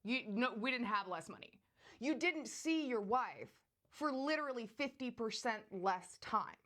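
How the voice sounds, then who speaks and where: A chatty woman hosting a recap vlog, quick with sarcastic jabs. Her voice sits slightly high and leaps around a lot as she talks straight to her audience. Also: expressive, a bit bright. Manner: chatty, sarcastic, addresses viewer directly. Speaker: host. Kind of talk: casual recap commentary.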